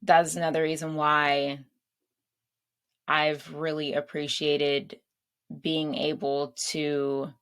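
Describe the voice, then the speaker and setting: A woman's voice: low-pitched, level tone, slow, pauses often. A woman hosting her own show, chatting casually and laughing at her own asides. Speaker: podcast host. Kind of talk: casual solo chat.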